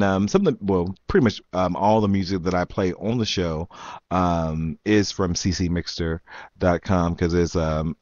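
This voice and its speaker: Deep-voiced rambling male podcast host. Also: a little mellow, no echo. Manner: rambling, lots of ums, jumps between topics. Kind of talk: casual late-night podcast monologue. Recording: dull, dry lo-fi sound.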